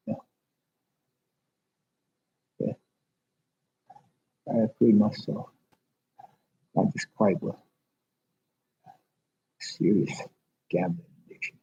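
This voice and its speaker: A man speaks in a rambling, confessional way on a livestream from a public library. His voice is very low, gravelly and raspy. The sound is dull and lo-fi. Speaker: vlogger.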